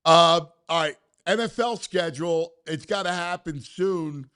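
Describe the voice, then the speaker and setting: A man hosting a casual sports talk show, excitable and stammering, quick to cheer. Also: a little high, clean tone.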